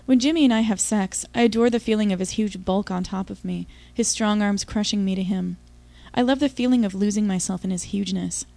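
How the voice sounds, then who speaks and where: A woman's voice: medium pitch, brisk, vocal fry, dark tone, no echo. A woman giving an intimate, confiding first-person audiobook narration.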